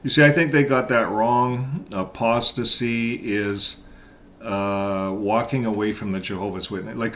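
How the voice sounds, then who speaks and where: A man hosting his own channel, reading out court documents and commenting on them in an indignant, halting way with many fillers and repeated words. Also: on the low side, a bit bright, a little hiss or hum. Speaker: channel host.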